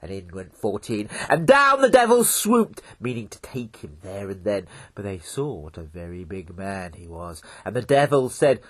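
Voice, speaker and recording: A man telling a folk tale in an animated, dramatic way. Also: fairly low pitch, moderate pace, few pauses, slightly rough. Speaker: storyteller.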